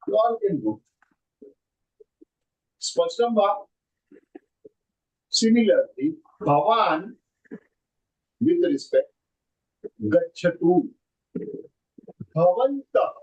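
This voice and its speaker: A man with an Indian English accent, his voice pitched a little high, teaches an online class. He explains step by step, repeats each form and keeps asking whether everyone has followed. The audio is slightly muffled and lo-fi, like a video call. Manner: explains patiently, repeats words and checks understanding. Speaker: Sanskrit teacher.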